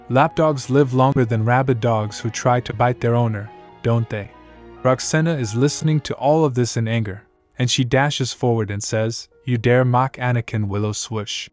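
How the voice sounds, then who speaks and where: A man narrates a manhwa story recap in a steady, mid-pitched voice, reading every character's lines in the same even delivery. Faint music plays underneath. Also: normal speed.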